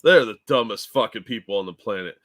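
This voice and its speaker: A man co-hosting a casual podcast, telling animated anecdotes and swearing freely. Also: fairly low pitch, quick pace. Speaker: podcast co-host. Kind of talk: casual chat.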